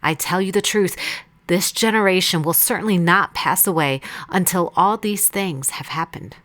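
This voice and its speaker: A woman reading Bible passages aloud in a measured, deliberate way. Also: fairly low pitch, a bit bright. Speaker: Bible reader. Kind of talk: scripted scripture reading.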